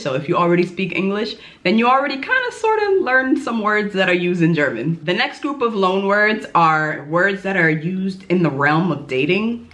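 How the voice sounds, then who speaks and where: A woman's voice: on the low side, a bit bright. A young woman from New York talking casually to her viewers in a chatty, self-deprecating vlog. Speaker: YouTuber teaching German.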